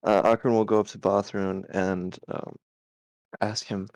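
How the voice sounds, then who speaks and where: A man taking part as a player in a tabletop game, talking in a relaxed, casual way. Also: lowish voice, measured pace, gravelly, no echo.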